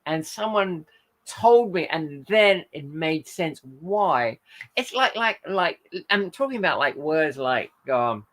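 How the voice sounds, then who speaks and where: A man's voice: on the high side, lively intonation, takes it slowly, fairly bright tone. An Australian man hosting a casual livestream, reading viewer comments aloud and rambling in friendly chat.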